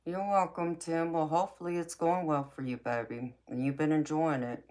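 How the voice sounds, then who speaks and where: A woman with a low, raspy voice hosting a late-night live stream, reading viewer comments and answering them in a sassy, affectionate way. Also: darkish tone. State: dry mouth from talking a lot. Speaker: tarot reader and live-stream host.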